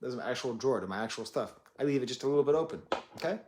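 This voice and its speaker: A man's voice: medium pitch, lively intonation, racing, very noisy. A man in his thirties reviewing an album, rambling and self-deprecating with jokey asides. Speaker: music reviewer. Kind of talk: casual chat.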